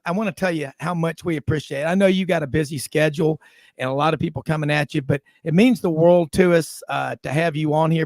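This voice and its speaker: A man's voice: on the high side, dry recording, studio quality. A man hosting a sports talk show, chatting casually and enthusiastically with his guest. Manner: enthusiastic, laughs often. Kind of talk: casual interview chat.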